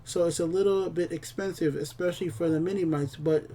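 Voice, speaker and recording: A man's voice: a little high, steady tone, brisk, warm tone, far from the mic, a little hiss or hum, close to an everyday voice. A man voicing a tiny, friendly, impatient green male sprite with a chirpy voice, reading it aloud in a game. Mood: chatty.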